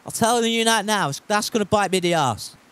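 A man's voice: high voice, animated, brisk, a bit bright, smooth. A man chatting casually while streaming a game from home, reading chat aloud and swearing freely.

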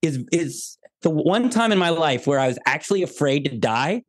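An American man in a remote interview, his fairly high voice swinging through jokey stories and acted-out quotes. The sound is close and dry, with almost no room around it. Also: normal speed, dry recording. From United States. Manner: animated, jokey storytelling with quoted asides. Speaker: guest. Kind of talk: podcast interview.

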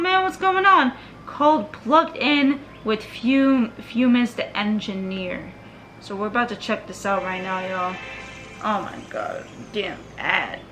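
Excitable American woman hosting a reaction vlog, talks straight to viewers, with a sharp, bright tone and faint noise behind her. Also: a little high. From United States. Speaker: reaction video host. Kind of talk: casual reaction commentary.

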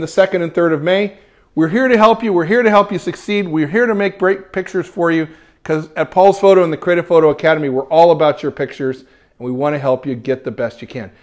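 A man hosting a live photography stream, chatting cheerfully while he works through a demo and praising each shot. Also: high voice. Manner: upbeat and chatty, lots of praise words.

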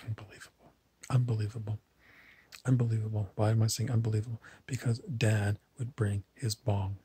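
Husky low-voiced man rambling. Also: level tone, normal speed, warm tone. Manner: meandering, digressive storytelling. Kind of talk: rambling monologue to camera.

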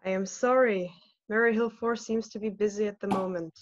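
Femme qui joue une standardiste formelle qui bafouille, son terne de visioconférence. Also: female voice, mid-range voice, steady tone, moderate pace, muffled recording, natural voice. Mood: flustered. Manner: hesitant, stammering, formal. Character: flustered, polite female telephone operator.

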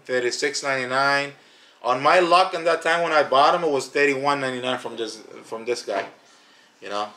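Emphatic man with a bright voice. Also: mid-range voice, slight background noise. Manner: emphatic, animated, repeats words for stress. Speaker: family channel vlogger reviewing shoes. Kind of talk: casual product review.

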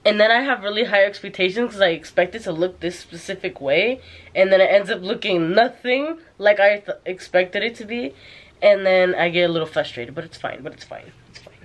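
A woman's voice: medium pitch, brisk. A young woman at home, vlogging casually to a handheld camera held at arm's length, chatty and confiding and full of fillers. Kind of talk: casual vlog chat to camera. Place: at home indoors.

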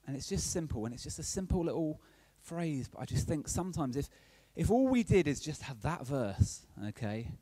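A young man preaches in a relaxed, conversational way and keeps checking that his listeners are following. His voice is very animated, rising and falling a lot. The sound is close and dry, with no room echo. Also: on the high side, normal speed, few pauses. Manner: chatty, checks in with "okay?" often. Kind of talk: conversational sermon.

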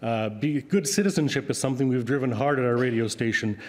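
A middle-aged man who grew up speaking Ukrainian, giving an earnest acceptance speech with halting fillers. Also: medium pitch. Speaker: award recipient, radio broadcaster. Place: large banquet hall. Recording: long hall reverb.

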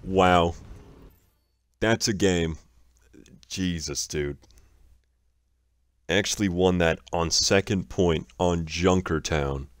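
A young man with a deep voice reacts to someone else's gameplay in casual commentary. He speaks at an unhurried pace, exasperated and swearing freely, and breaks into laughter often. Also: no room sound.

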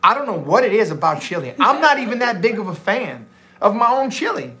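A man's voice: high-pitched, big pitch swings, fairly quick, bright, forceful tone. A man from Louisiana with a blended Cajun and New Orleans accent, chatting casually and rambling as he hosts a live cooking stream. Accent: Louisiana Cajun, mixed with New Orleans. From Louisiana, USA. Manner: rambling, chatty, many restarts and fillers. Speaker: cooking livestream host. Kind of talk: casual chat on a livestream.

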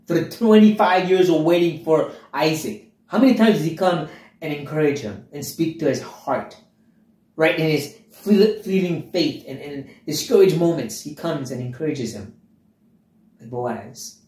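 A man teaching through a passage of scripture with real animation, his voice climbing and dipping across a wide range. He sits on the higher side for a man and keeps pressing points home with rhetorical questions. The sound carries a noticeable room echo. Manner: animated, emphatic, asks listeners rhetorical questions. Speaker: Bible teacher. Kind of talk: expository Bible teaching.

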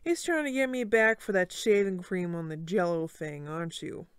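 A woman's voice: lowish voice, normal speed, clear, resonant tone, no room sound, lightly acted. A woman voicing a mischievous, joking teenage boy in a story she reads aloud. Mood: cheeky. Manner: cheeky, joking. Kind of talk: acted dialogue in a read-aloud story.

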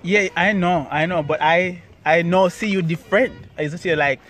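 A young Jamaican man casually telling the story of how he met his partner, animated and jumping high when he quotes himself. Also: brisk, soft background music. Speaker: vlog co-host telling a couple's story.

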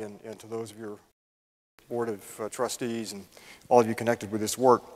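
An older man giving a public lecture, telling folksy, self-deprecating stories with frequent ums and uhs. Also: mid-range voice. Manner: folksy, self-deprecating storyteller with many fillers. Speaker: guest lecturer. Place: lecture hall. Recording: long hall reverb.

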